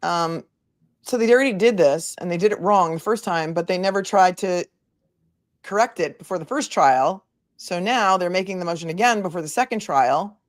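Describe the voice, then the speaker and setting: A woman's voice: lowish voice, expressive, moderate pace. A woman attorney hosting legal commentary, chatting and reading court filings aloud with asides. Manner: conversational, reads documents aloud with asides. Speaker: attorney and channel host.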